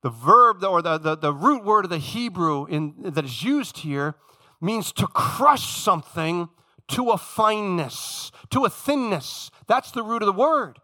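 A man preaching a sermon as pastor, dramatic, swinging from booming lines to hushed asides. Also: lively intonation, unhurried.

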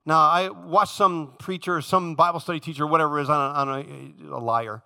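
A man preaching a sermon with passion, talking straight to his congregation and swinging from loud emphasis to hushed, low tones. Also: normal speed, hardly any pauses. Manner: addresses congregation directly.

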